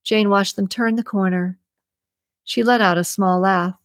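A woman hosting a podcast, reading a suspense novel aloud in an even, measured way with slight shifts for characters. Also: medium pitch, no room sound, studio quality. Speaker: podcast host and audiobook reader. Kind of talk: scripted audiobook narration.

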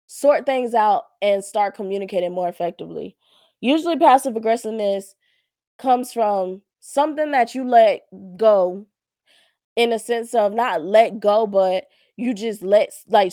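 A woman's voice: a little high, warm tone, no echo, clean studio sound. A woman, hosting a casual solo talk, candid and slangy with lots of fillers. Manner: chatty and candid, slangy, many fillers and laughs. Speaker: podcast host.

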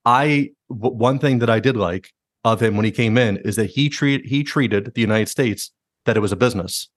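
A man hosting a podcast in casual chat, talking fast and swearing freely, acting out quotes in mocking voices. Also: medium pitch, dry recording, clean studio sound. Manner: fast, animated, swears a lot, acts out quotes in jokey voices. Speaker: podcast host.

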